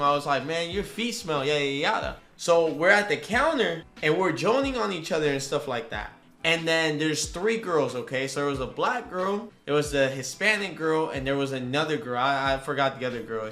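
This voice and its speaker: A young man vlogger telling a casual, slangy story that turns animated and high-pitched when he gets excited.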